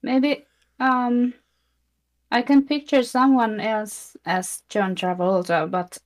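Casting note: co-host, very slow delivery, sparse dry remarks, mid pitch. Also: level tone. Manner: brief backchannels, dry quips. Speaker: podcast co-host. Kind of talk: casual chat.

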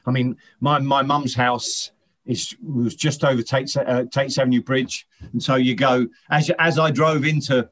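A man's voice: medium pitch, steady tone, measured pace, a bit bright. A middle-aged man, a former footballer, chatting as an interview guest, telling rambling anecdotes with many restarts. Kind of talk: casual interview chat.

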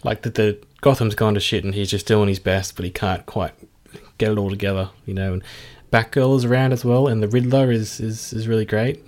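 A man's voice: fairly low pitch, steady tone, fairly quick, a little mellow. A man hosting a podcast in casual chat, chatty and laughing often, with hesitant fillers. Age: adult, works at a university. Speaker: podcast host.

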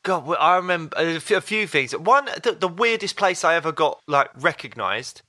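A man in his thirties co-hosting a podcast, telling stories in a lively way and laughing often. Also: a little high, normal speed. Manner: animated storyteller, laughs often. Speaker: podcast co-host. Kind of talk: casual chat.

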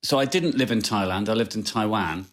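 A man's voice: on the low side, a little fast, fairly bright tone. A man chatting as a podcast guest from home, giving dry, laid-back replies. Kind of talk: casual chat. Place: home, remote call.

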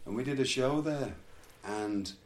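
A man's voice: medium pitch, unhurried. Man telling a rambling story. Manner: rambling, laughs through his stories. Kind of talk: casual storytelling chat. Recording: echoey room, faint background noise.

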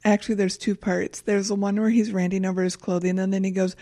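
Woman co-host, relaxed warm voice, fond and eager in conversation. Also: mid-range voice, quick pace, no room sound, clean studio sound. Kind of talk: casual chat.

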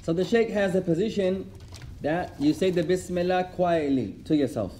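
A man teaching a religious class, telling stories with animated delivery and repeating lines for emphasis. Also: sits high, normal speed, slight background noise. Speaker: Islamic studies teacher. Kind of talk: religious class lesson with storytelling.

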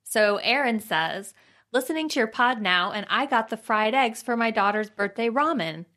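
A woman's voice: fairly high pitch, lively intonation, normal speed, bright, forceful tone. A woman hosting a podcast in casual chat, giggly and teasing as she reads out listener messages. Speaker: podcast host.

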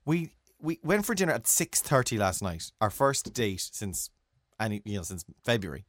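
A man's voice: lowish voice, very animated, moderate pace, a bit bright, dry recording, studio quality. An Irish man co-hosting a casual chat, teasing and often restarting his sentences. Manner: chatty, stumbling restarts, teasing. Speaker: podcast co-host.

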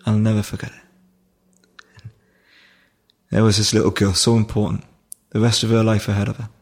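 Man, gravelly voice, flat delivery, emotional, halting, podcast guest. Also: lowish voice. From Durham, England. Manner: halting, emotional, many restarts. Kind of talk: personal storytelling in conversation.

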